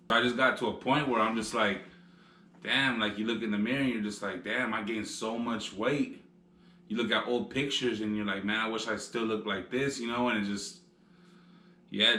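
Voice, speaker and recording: A man's voice: on the low side, sharp tone, reverberant, slight background noise. A man co-hosting a casual vlog, rambling with lots of filler phrases as he talks. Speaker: vlog co-host. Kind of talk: casual chat.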